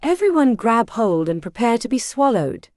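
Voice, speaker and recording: A woman's voice: on the high side, big pitch swings, moderate pace, darkish tone, no echo, studio quality. A woman voicing a cold, formal male enemy captain in an audiobook, clipped and official. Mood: officious.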